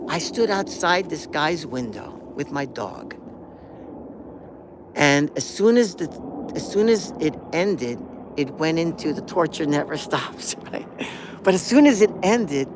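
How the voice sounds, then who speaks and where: A man in his sixties, hosting a live stream and telling a rambling, animated story, now and then humming melodies and acting out quotes. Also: on the high side, unhurried, noisy background. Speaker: host.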